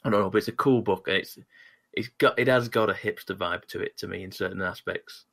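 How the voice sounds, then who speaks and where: A man with a deep, low voice talks casually on a podcast. He rambles, restarting sentences and filling gaps with "um". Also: a little fast, vocal fry, a bit bright. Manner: rambling, many restarts and fillers. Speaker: podcast co-host. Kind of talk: casual chat about comics.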